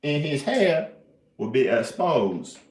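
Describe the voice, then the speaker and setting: A man's voice: a little high, very animated, slow, a little mellow. A man talking to his camera in a loose, rambling monologue, drifting between thoughts and often breaking into giggles. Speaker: video maker. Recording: echoey room.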